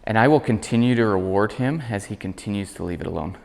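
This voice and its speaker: Calm low-voiced male dog trainer. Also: fast talker, gravelly, in a large hall. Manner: calm explaining, high praise voice for dog. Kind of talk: instructional demonstration.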